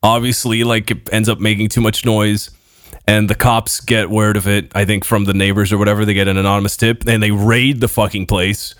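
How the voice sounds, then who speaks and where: A man's voice: lowish voice, flat delivery, fairly bright tone, no echo, studio quality. Swearing young man telling stories. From Belgium. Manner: swears freely, quick storytelling bursts. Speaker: podcast co-host. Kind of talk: casual podcast banter.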